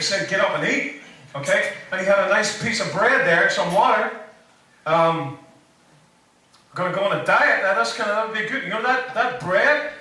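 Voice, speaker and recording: A man's voice: high-pitched, sharp tone. Rambling joking preacher man, echoey hall. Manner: rambling, joking asides, many fillers. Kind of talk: casual sermon. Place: church hall. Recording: echoey room, voice from a distance.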